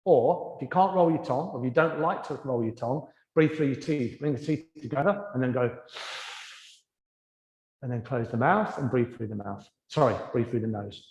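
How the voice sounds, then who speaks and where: A man teaching a yoga class, giving gentle, encouraging breathing and movement cues that soften and slow during the breathing practice. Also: medium pitch, reverberant, in a large hall. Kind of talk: guided yoga class instruction. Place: yoga studio.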